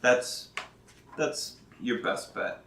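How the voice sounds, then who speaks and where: Man, game master, slow halting narration, bright tone, roomy echo, off-mic. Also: distant mic, slight background noise. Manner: halting, many fillers and restarts, laughs often. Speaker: dungeon master.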